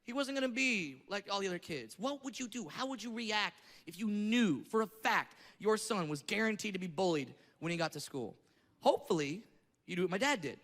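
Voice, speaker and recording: A male stand-up comedian doing a brash, profane set on a large theater stage, breaking into shouted rants, with a handheld stage mic. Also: high voice, lively intonation, fairly quick. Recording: live theater with reverb and crowd laughter.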